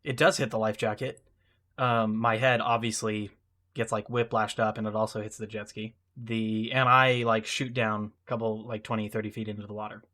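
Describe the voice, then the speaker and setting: A man's voice: fairly low pitch, normal speed. Man telling a rambling, self-mocking story. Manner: animated, self-deprecating, rambling with restarts. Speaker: podcast co-host. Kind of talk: casual storytelling.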